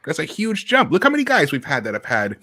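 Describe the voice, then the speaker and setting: Animated man with a lively voice. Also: fairly high pitch, fast, no echo, clean studio sound. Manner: animated, laughs easily, stumbles over words. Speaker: podcast panelist. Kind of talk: casual sports discussion.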